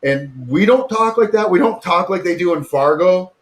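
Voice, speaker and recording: Canadian guy hosting a chat show, southern ontario accent, kinda higher voice, laughs a lot. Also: expressive, moderate pace. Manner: joking, laughs often. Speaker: podcast host. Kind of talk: casual chat.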